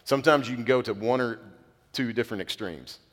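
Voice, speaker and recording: A pastor preaches a sermon to his church, earnest and conversational, dropping casual fillers as he goes. His mid-range voice moves a little fast. It's recorded in a church sanctuary with the long reverb of a large hall.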